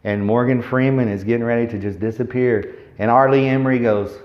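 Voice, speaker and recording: A man's voice: mid-range voice, fairly even intonation, brisk. A man casually recapping a movie in a rambling, chatty way. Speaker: vlogger. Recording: roomy, dull lo-fi recording.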